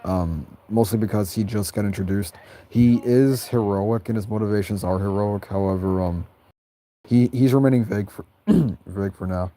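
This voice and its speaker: Male streamer, laid-back Q&A, stumbles and restarts lines, frequent giggling. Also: dark tone. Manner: giggly, breaks into high laughter often; halting, repeats and restarts phrases. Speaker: creator answering viewer questions. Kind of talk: casual livestream chat.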